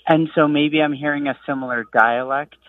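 A man's voice: on the high side, fairly even intonation, a little fast, no echo. A man from Arizona with a southern Arizona accent, calling a radio show and asking a question thoughtfully, with some hesitation. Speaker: caller. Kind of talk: call-in question. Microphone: telephone. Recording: tinny distant phone line.

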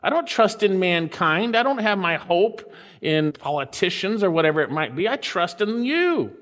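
A man preaching a sermon, reading scripture slowly and swinging his voice up and down for emphasis. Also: expressive, a bit bright, big-room sound. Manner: preaching with sweeping pitch swings and drawn-out scripture lines. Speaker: pastor.

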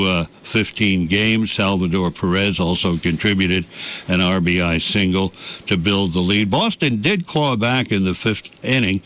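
A man's voice: fairly low pitch, a bit bright. A man hosting a morning radio sports report, reading scores in a folksy, rambling way with many fillers. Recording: dull lo-fi broadcast.

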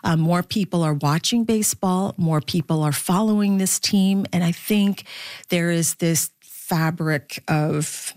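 A middle-aged woman sports broadcaster, originally from the Philippines, talks candidly in an interview. Her voice sits a little low, but it leaps high whenever she quotes someone, and she laughs easily. The recording is close and dry. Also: a little slow, no echo. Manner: warm and animated, laughs often, voice jumps high when quoting others.

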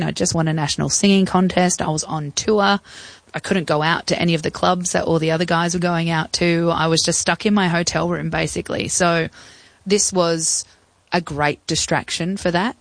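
A young Australian woman recounting a personal story as an interview guest, reflective and halting with fillers. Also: low-pitched, dry recording, low-quality recording.

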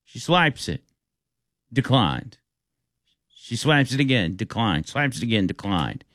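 Animated man telling a story. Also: on the low side, unhurried, no echo, clean studio sound. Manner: animated, acts out the people in his stories. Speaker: radio talk show host. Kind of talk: casual storytelling.

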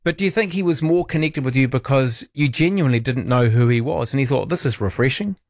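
A man hosting a radio call-in show, chatting with a caller and teasing her gently. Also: mid-range voice, fast talker, no echo, studio quality. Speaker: radio host. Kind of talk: talk radio chat.

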